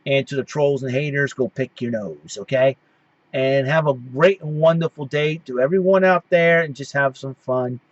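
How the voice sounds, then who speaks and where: A man's voice: medium pitch, normal speed, no room sound, dull audio. A man hosting his own show, giving a casual recap that rambles and keeps restarting its sentences. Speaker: host.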